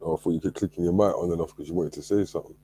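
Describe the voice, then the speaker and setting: Male show host, low mellow husky voice, relaxed, dry sound. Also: rapid-fire, a little hiss or hum. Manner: laid-back, addresses the audience directly. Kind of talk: casual chat.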